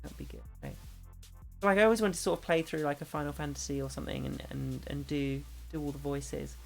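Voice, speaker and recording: A woman's voice: low-pitched, steady tone, fast talker, gravelly, darkish tone, faint music behind. A woman streaming and chatting casually with viewers, rambling with lots of fillers and restarts. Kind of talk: casual chat with chat readers. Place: home streaming setup.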